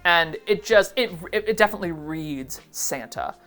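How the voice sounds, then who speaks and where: A woman in her thirties from Ohio, chatting through a casual reaction vlog in a giggly, self-deprecating, expressive way. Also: lowish voice, normal speed, soft background music. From Ohio, USA. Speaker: vintage pattern seller and vlogger.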